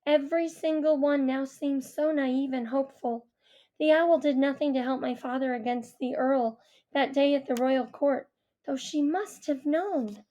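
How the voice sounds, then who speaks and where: A woman narrating a first-person audiobook in a quiet, reflective way. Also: high-pitched, a little slow. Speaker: audiobook reader.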